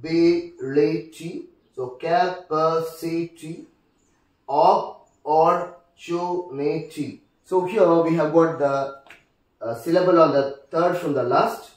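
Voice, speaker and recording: A man with an Indian English accent teaching a lesson on word stress, speaking deliberately and repeating each example word. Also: a little high. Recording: echoey room, distant mic.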